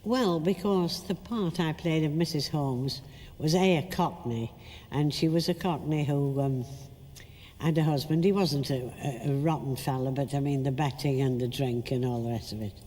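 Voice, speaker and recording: Older woman, animated storyteller, echoey room tone. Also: low voice, moderate pace, a little hiss or hum. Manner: lively storytelling, acts out quotes. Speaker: interviewee, actress. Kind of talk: reminiscing interview.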